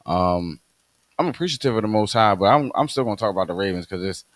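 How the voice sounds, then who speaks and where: A man with a Baltimore accent co-hosting a podcast, talking earnestly and haltingly, often repeating his words as he goes. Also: lowish voice, lively intonation, no room sound. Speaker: podcast co-host. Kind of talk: casual chat.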